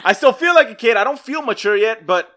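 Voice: mid-range voice, lively intonation, fast, pushed and bright. A young podcast co-host chatting casually, telling rambling stories with lots of filler words. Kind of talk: casual chat.

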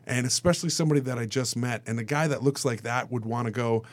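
A man being interviewed on a radio show, speaking at an ordinary middle pitch. He tells his stories loosely and with energy, jumping into the voices of the people he quotes. At times he grows quiet and emotional. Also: quick pace. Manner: animated, acts out quoted voices, turns emotional. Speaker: actor guest. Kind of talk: casual storytelling in a radio interview.

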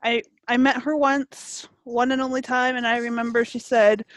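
A woman from Canada chats on a podcast at a moderate pace, her voice a little high with little pitch movement and no echo. The casual talk is full of giggles, laughter, and plenty of "like."

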